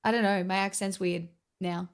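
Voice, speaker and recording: A woman's voice: mid-range voice, steady tone, normal speed, clean tone. A woman with a slightly Americanised Australian accent chatting casually on a livestream, rambling and swearing freely. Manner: rambling, swears, filler-heavy.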